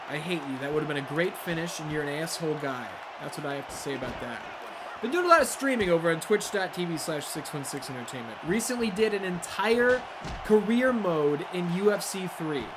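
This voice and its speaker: A man's voice: high-pitched, background noise. A man commentating his own wrestling video game playthrough, swearing and ranting as he plays. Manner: profane, ranting, excitable. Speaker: let's play host. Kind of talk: gameplay commentary.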